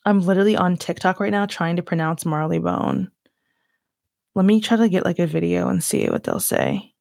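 A woman's voice: on the low side, very animated, a little fast, creaky, a little mellow, no echo. Chatty young Southern woman, dry sound. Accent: Southern US (Virginia). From Virginia, US. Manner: chatty, rambling, heavy "like" filler, self-mocking laughs. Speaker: podcast host. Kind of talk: casual solo chat.

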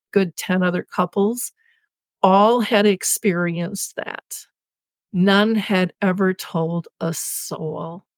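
A woman's voice: mid-range voice, dry recording. Heartfelt woman advocate, dry sound. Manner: heartfelt, reflective, unhurried. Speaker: dementia patient advocate guest. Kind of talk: podcast interview storytelling.

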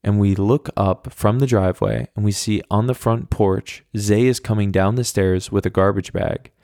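Low, flat-voiced young man telling a story. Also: moderate pace, creaky, no echo, studio quality. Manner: rambling, profane, wry. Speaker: podcast host. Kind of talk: casual storytelling monologue.

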